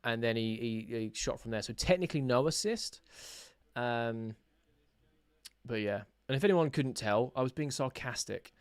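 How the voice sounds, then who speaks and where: A young man hosting a live football watch-along, chatting casually with his viewers, excitable and sarcastic, shouting when his team scores. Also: medium pitch, moderate pace, clean tone, no echo. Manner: excitable, bursts into shouts at goals, sarcastic banter with chat. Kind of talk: live match reaction chat.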